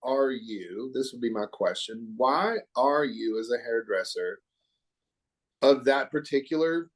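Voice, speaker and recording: A man's voice: medium pitch, expressive, unhurried. A middle-aged man from Oklahoma, a hair educator talking as a podcast guest in an earnest, reflective, emphatic way. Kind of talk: podcast interview chat.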